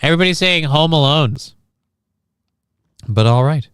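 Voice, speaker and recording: A man's voice: medium pitch, animated, moderate pace, fairly bright tone, clean tone, no echo, studio quality. A man hosting a casual livestream, reading chat and news aloud in an offhand, profane way. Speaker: livestream host.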